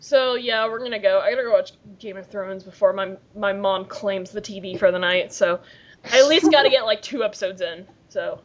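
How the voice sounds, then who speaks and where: A woman's voice: mid-range voice, fairly quick, lo-fi sound. A young American woman co-hosting a podcast in casual chat. She laughs often and swears freely. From United States. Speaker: podcast co-host.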